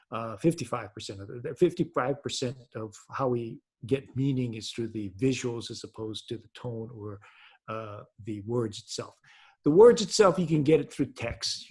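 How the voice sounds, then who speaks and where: A man with a husky, slightly rough voice presents a professional webinar in an earnest, explanatory way. He speaks at an ordinary middle pitch and often hesitates mid-sentence before carrying on. The sound comes through a video-call microphone. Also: darkish tone. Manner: earnest and unhurried, with frequent hesitations.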